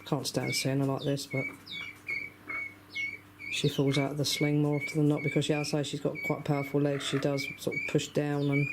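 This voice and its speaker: A man speaks in a chatty, exasperated video-diary way, filming his poultry outdoors with a handheld camera. His voice sits a little high, and he slips into a higher coaxing tone when he talks to the birds. Faint garden noise and clucking run underneath. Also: monotone, normal speed.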